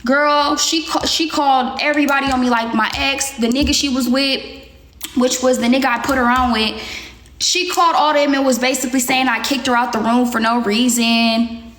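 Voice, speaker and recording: Young woman storytelling on a live, high voice, echoey room, cussing and acting it all out. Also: normal speed. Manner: animated, profane, acts out quotes. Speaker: rapper telling a story on a livestream. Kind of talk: casual storytelling on a livestream.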